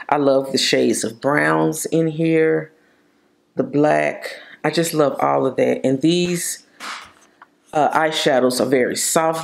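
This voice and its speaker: A woman's voice: low voice, vocal fry, a little mellow. A woman vlogger casually reviewing her favorite makeup products, chatty and gushing, drawing out her words for emphasis. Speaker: beauty vlogger.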